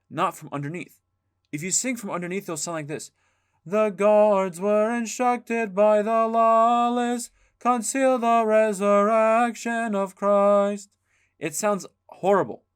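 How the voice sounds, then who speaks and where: A man teaching a music lesson, explaining calmly and singing short chanted examples. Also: fairly high pitch. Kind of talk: spoken lesson with sung demonstrations.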